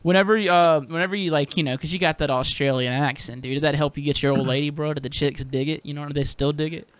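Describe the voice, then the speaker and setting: A man's voice: fairly high pitch, fairly even intonation, fast, clear, resonant tone. A man hosting a podcast, chatting in a hyped, slangy way, full of dude and bro. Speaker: podcast host. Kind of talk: casual podcast chat.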